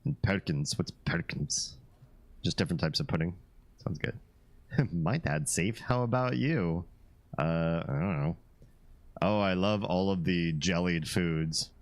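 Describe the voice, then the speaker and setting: A man with a very low, deep voice talks easily with his live-stream audience. He is relaxed and chatty, reads out viewer comments and laughs often as he goes. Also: unhurried.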